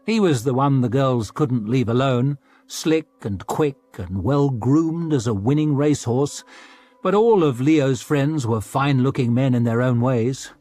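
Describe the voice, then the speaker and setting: Scripted audiobook narration comes from a man speaking in a mid-range voice, telling the story in a measured, even way.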